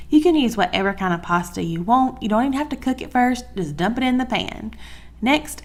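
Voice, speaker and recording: A woman with a Southern US accent, hosting a casual cooking tutorial from her home kitchen in a chatty, folksy way. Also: medium pitch. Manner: chatty, folksy, addresses viewers as y'all. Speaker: home cook host.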